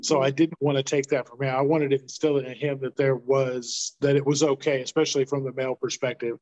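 A middle-aged man co-hosting a podcast in casual chat, relaxed and folksy with homespun sayings. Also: mid-range voice, a little fast, low-quality recording. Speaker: podcast co-host.

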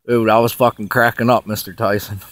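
A man's voice: lowish voice, a bit bright, no room sound, clean studio sound. A man telling a dream in a rambling, profane casual monologue, laughing often.

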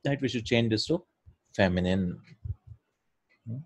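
Male Arabic teacher, fairly low voice, patient step-by-step lesson. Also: unhurried, slightly rough. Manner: patient, explains step by step, asks students questions. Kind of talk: online language lesson.

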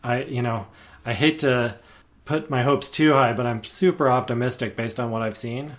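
Male podcast guest, mid-pitched, eager and rambling, casual. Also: moderate pace. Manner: eager, rambling, many fillers and restarts. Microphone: podcast microphone.

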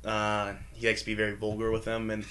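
A young man with a fairly low voice spins casual sports stories in a quick, loose rush. He laughs often and swears without a second thought. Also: monotone, bright, forceful tone. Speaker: guest, pro football lineman. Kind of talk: casual storytelling.

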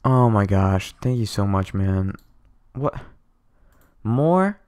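Excitable young man narrating a game. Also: fairly low pitch, slow pace. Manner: excitable, stammering, repeatedly thanking viewers. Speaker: gaming streamer. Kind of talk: excited gameplay commentary.

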